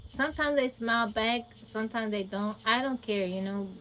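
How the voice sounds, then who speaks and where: A woman livestreaming, telling stories in a casual, animated way, laughing often and acting out what people said. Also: on the high side, moderate pace, a little hiss or hum. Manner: folksy, speaks to viewers directly. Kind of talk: casual storytelling chat.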